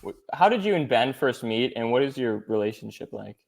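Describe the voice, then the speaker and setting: Podcast host guy, relaxed, mid-pitch, laughs along and asks quick questions. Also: vocal fry. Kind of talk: casual interview.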